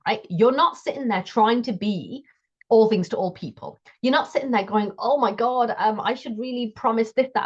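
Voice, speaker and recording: A woman hosts a solo coaching talk, mid-pitched and emphatic. She drives each point home and keeps checking in with her listener. The recording sounds a little dull and lo-fi. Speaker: business coach and host.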